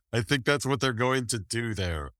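A man's voice: mid-range voice, measured pace, no echo, studio quality. A man co-hosting a podcast, chatting casually and laughing often as he recaps old wrestling episodes. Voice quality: laughs often, wry and relaxed. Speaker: podcast co-host.

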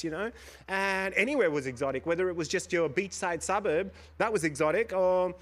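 Higher-voiced man telling stories on stage. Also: a little fast. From India. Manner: animated, acts out voices from his story, laughs often. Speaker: panel guest. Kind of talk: storytelling on a stage panel. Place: stage before a live audience.

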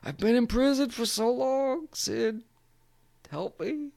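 A man putting on a high, frantic voice for a desperate man begging for help. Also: takes it slowly, gravelly, darkish tone, heavily acted. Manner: squeaky, breathless, pleading.

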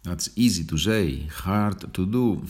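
Brief Male podcast language teacher, deep husky voice, patient and chatty. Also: expressive, darkish tone. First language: Spanish. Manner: slow deliberate example sentences, chatty asides ending in "okay?".

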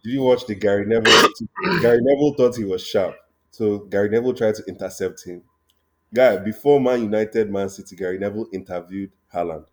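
A man in casual football chat, an animated storyteller who swears freely. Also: lowish voice, a little fast.

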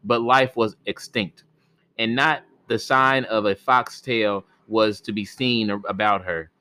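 A man's voice: on the low side, steady tone, measured pace, pushed and bright, clean tone, no room sound. A man reading a folk tale aloud for a podcast, plain in delivery, often stumbling and restarting words. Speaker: podcast storyteller.

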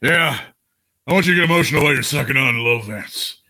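A man's voice: mid-range voice, fast talker, sharp tone. A man doing a sleazy lecherous boss. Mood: leering. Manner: sleazy, leering.

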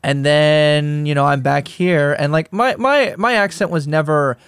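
A young man with a slightly high voice and a faint Midwestern accent talks in a loose, conversational way. He fills his sentences with "like" and laughs easily as he hosts. The sound is close and dry, with no room around it. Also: unhurried, fairly bright tone, clean tone, no echo. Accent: mild Midwestern. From US Midwest and South. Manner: chatty, laughs easily, many fillers like "like". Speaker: podcast host. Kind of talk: casual conversational interview.

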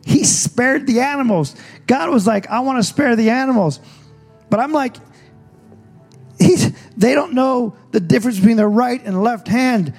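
A man's voice: very high voice, unhurried, vocal fry, a little mellow, faint music behind. A man preaching a sermon as pastor, telling the story in a casual, joking way. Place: church stage.

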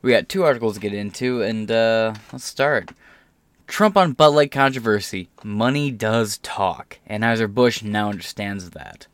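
A man hosting his own podcast, telling a story casually and getting loud and animated when he quotes people. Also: on the low side, normal speed, dry recording. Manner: animated storytelling, swearing, voice rising when quoting. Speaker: podcast host.

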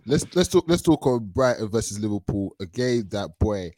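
A man's voice: lowish voice, lively intonation, moderate pace, mellow, no echo. A young man hosting a casual football podcast, steering topics with hesitant restarts. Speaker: podcast host.

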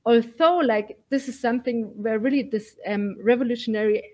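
A woman's voice: a little high, normal speed, mellow. A woman guest in an interview, talking earnestly and emphatically, with many fillers. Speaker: guest, militia fighter.

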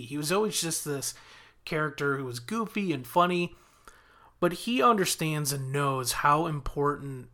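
A man casually recapping a TV episode as a podcast host, quoting characters' lines as he retells it. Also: a little high. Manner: animated retelling with quoted lines.

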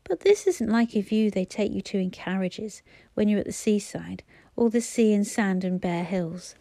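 A woman's voice: mid-range voice, expressive, moderate pace, dark tone, no room sound, lightly acted. Woman voicing a wistful, romantic girl, dry storybook reading. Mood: dreamy. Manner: wistful, enthusing. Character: dreamy, romantic eldest girl.

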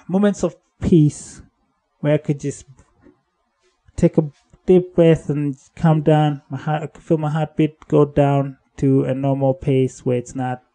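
A man's voice: vocal fry, dark tone. A man hosting a solo podcast, talking casually in a rambling way and correcting himself as he goes. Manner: rambling, self-correcting, drifts between upbeat and low-key. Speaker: podcast host.

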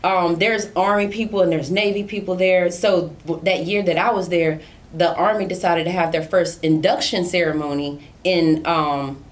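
A woman guest on a casual talk show, telling stories in an animated, slangy way. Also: lowish voice, normal speed. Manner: animated, slangy, acts out other voices. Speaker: podcast guest, military veteran. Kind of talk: casual storytelling.

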